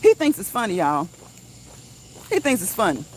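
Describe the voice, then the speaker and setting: A woman's voice: medium pitch, huge pitch swings, moderate pace, slight background noise, rough recording. A woman hosting a live walk-and-talk stream outdoors, chatting casually, laughing often and reading viewer comments aloud. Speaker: livestream host. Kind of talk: casual live chat while walking.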